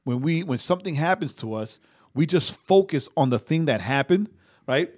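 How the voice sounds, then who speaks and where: A man's voice: a little high, expressive, moderate pace, darkish tone. A young man co-hosting a casual faith podcast, rambling, stammering into restarts and tagging his sentences with "right?". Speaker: podcast co-host.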